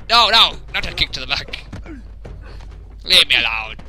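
Young guy, bright lively voice, jokey let's play commentator. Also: fairly high pitch, moderate pace. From England. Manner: jokey, laughs often, reacts loudly. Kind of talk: casual gameplay commentary.

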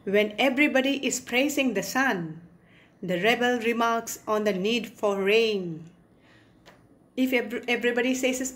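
A woman's voice: fairly high pitch, measured pace, a bit bright. A woman teacher with an Indian English accent, reading a poem to a class and explaining its words, sometimes acting out short quotes. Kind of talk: English poetry lesson.

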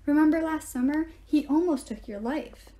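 A woman reading aloud, voicing a weary, kindly male centaur teacher who speaks calmly and gravely. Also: high-pitched, normal speed, pitched above the performer's own voice, lightly acted. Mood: grave, gentle. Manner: calm, gentle and grave.

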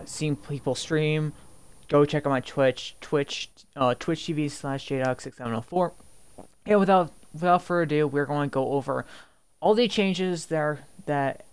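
A man's voice: fairly high pitch, smooth. A young man casually commenting on a video game as a YouTuber, rambling with many fillers and restarts. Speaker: gaming YouTuber and streamer.

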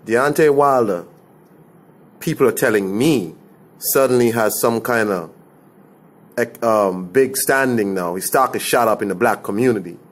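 A man's voice: on the low side, unhurried. A man from the Caribbean giving a blunt, scornful opinion rant to camera. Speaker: commentator.

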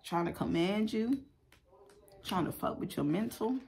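A woman's voice: medium pitch, measured pace, gravelly, background noise. A woman giving a casual tarot reading, talking bluntly and profanely in a loose, chatty way. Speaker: tarot reader.

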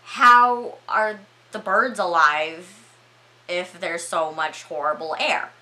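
A woman's voice: lowish voice, slow pace, bright, forceful tone, low-quality recording. A woman voicing a frantic young woman, exclaiming as she calls for help.

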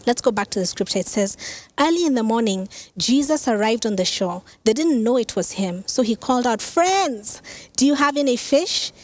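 A woman pastor delivers her sermon in a slightly high voice, telling the story with energy and the ease of conversation. She drops in casual asides as she goes. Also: a little fast. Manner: animated storytelling, acts out quoted lines.

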